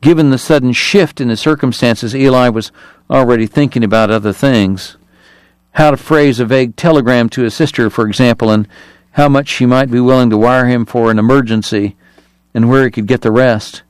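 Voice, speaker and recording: A man reading an audiobook in a measured, even storytelling manner. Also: mid-range voice, clear, resonant tone, no room sound. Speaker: narrator. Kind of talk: audiobook narration.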